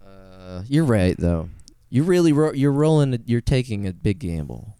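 A man's voice: mid-range voice, sing-song, moderate pace, dark tone, clean tone, no room sound. A man hosting a casual podcast chat, rambling and laid-back, swearing casually, on a studio podcast microphone. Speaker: podcast host.

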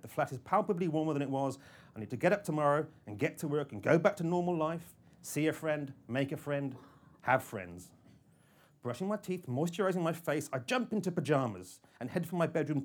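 A man reading a first-person thriller audiobook with an intense delivery that moves between hushed and urgent. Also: medium pitch. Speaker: audiobook narrator.

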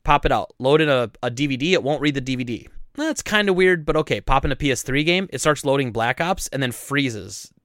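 Animated man telling store stories. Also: mid-range voice, a little fast, hardly any pauses, no echo, studio quality. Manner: animated, laughing, acts out customers and coworkers. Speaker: game store owner, podcast host. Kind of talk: casual storytelling chat.

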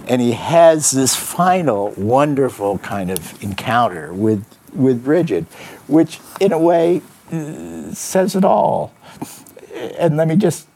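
Guy talking up a detective novel, gets excited and squeaky when amused, mellow warm tone. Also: a little hiss or hum. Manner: animated, emphatic, leaps up in pitch when amused. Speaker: literary scholar guest. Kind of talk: lecture-like commentary with reading aloud.

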